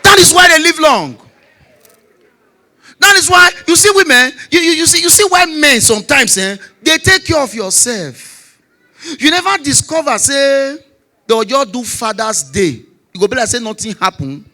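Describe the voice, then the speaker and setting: A man in his forties with a Nigerian Pidgin English accent, telling stand-up comedy stories, shouting punchlines and dropping low for asides. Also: animated, moderate pace. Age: 40s.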